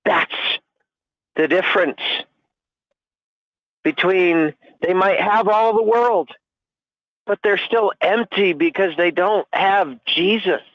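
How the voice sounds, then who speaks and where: A man's voice: high voice, takes it slowly, pauses often, no echo. A man speaking earnestly as a church panelist, preaching with many fillers over a lo-fi stream. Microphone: online call or stream mic.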